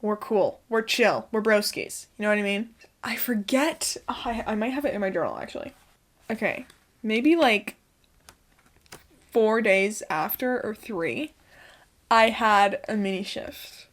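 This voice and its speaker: A woman's voice: mid-range voice, unhurried. A young woman talking to camera in a casual, chatty way, swearing freely and laughing often as she shares her routines from home. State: out of breath. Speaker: spiritual lifestyle vlogger.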